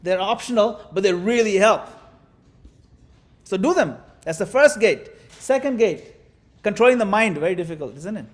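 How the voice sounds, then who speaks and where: A man giving a devotional class talk as a spiritual teacher, animated and demonstrative, with playful asides. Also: high voice, moderate pace.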